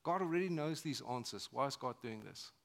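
A pastor delivers a sermon at a church service in a bright, ringing voice of middling pitch. He swings between loud, emphatic declarations and quiet, hushed lines. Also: lively intonation, fairly quick, creaky.

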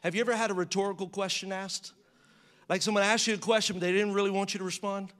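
A man preaching a sermon in a conversational style, asking the audience rhetorical questions and acting out quotes with rising pitch and volume. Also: fairly even intonation, quick pace, fairly bright tone. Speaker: pastor.

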